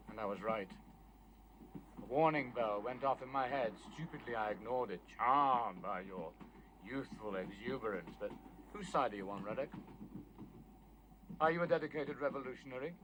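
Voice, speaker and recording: A man's voice: mid-range voice, noisy background, lightly acted. An actor playing a stern middle-aged male revolutionary leader in a TV drama, questioning and pressing others. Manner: probing, building into shouting. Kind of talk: 1980s TV drama acting.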